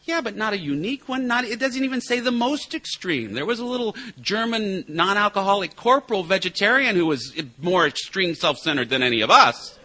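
Speaking to a recovery group as a sponsor, this middle-aged man recounts his drinking with self-deprecating, wry humor and punchlines. His voice is high and sharp, animated and a little fast, rarely pausing. It's a personal recovery talk.

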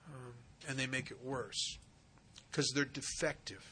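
A man giving a spiritual recovery talk, telling stories and acting out the dialogue in an animated way. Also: medium pitch, a little slow, a little hiss or hum.

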